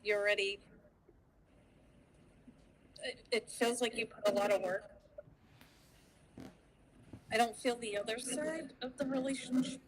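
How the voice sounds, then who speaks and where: A woman giving a tarot reading, speaking slowly and hesitantly as she feels her way through the cards. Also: a little high, fairly even intonation, slight background noise, poor audio. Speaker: guest tarot reader.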